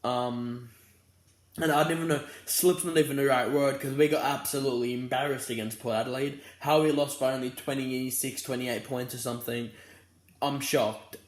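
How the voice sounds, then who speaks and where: A man's voice: medium pitch, steady tone, normal speed, roomy sound. A young Australian man giving a casual, rambling footy fan preview, tired and yawning but fired up about his team. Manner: rambling and fired up, many restarts.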